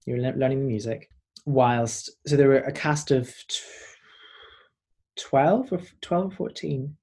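A young Northern Irish man in his twenties, a performer appearing as a guest in a casual interview, tells stories in an animated, rambling way. His mid-range voice has a breathy edge and moves at a measured pace.

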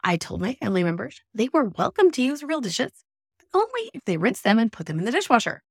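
A woman's voice: a little high, big pitch swings, fast talker, gravelly, slightly rough, no room sound, clean studio sound. A middle-aged woman hosting a personal podcast, telling her story in an emphatic, exasperated way. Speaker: podcast host.

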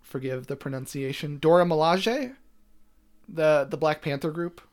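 A man co-hosting a podcast, recapping a TV episode in loose casual chat, rambling with lots of fillers and animated asides. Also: on the high side, moderate pace. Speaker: podcast co-host.

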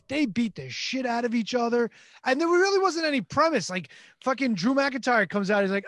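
A man co-hosting a casual wrestling podcast, profane and excitable. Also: very high-pitched, a little fast, no echo, studio quality. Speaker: podcast co-host.

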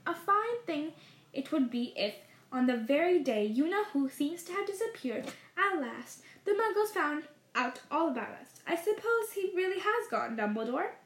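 A woman reading aloud and voicing a stern, prim woman professor who speaks in a brisk, clipped, impatient way. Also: high-pitched, very animated. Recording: roomy echo.

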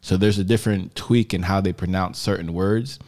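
A male co-host with a low, deep voice who lays out his points at length, steady and measured. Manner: measured, explanatory. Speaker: podcast co-host. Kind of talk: casual chat.

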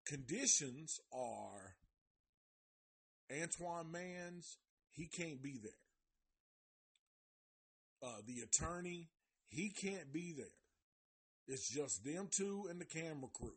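The live host reviewing a documentary series has a fairly high, slightly rough voice. He retells the story in a casual, animated way, cursing a lot, speaking in loose slang, and exaggerating the voices of those involved.

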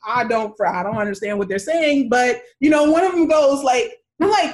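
Woman from the US, fairly high voice, lively travel storyteller who acts out the voices. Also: moderate pace, few pauses, noisy background. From United States.

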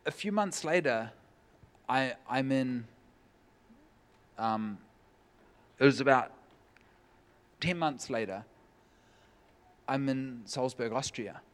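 A man preaching a sermon, telling a personal story in a lively way and acting out the voices of the people in it, at a church meeting. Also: mid-range voice, takes it slowly, pauses often. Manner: lively, acts out quoted voices. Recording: long hall reverb.

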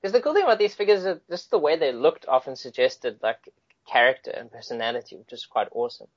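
Casting: chatty male host, mid pitch, dry and dull lo-fi sound. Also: animated, fast, dry recording. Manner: enthusiastic, laughs often, rambling. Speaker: podcast co-host. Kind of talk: casual chat.

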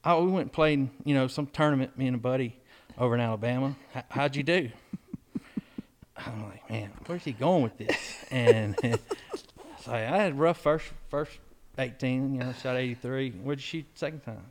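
A man's voice: medium pitch, normal speed. Folksy man telling stories. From Mississippi, US. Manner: rambling and folksy, with restarts and acted-out quotes. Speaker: podcast co-host. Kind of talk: casual storytelling chat.

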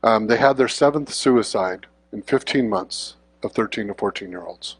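A man's voice: on the low side, moderate pace, slightly rough, no echo. A man giving a conversational sermon as a guest preacher, informal and often checking in with the congregation.

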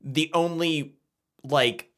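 A man's voice: fairly high pitch, fairly even intonation, very slow, a bit bright. A young man co-hosting a casual book podcast, talking hesitantly with many fillers and a wry tone. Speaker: podcast co-host.

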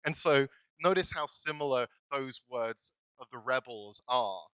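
A man's voice: mid-range voice, animated, a little slow, sharp tone, smooth, no room sound, low-quality recording. A male pastor giving a casual, self-deprecating sermon, laughing often as he talks. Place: church.

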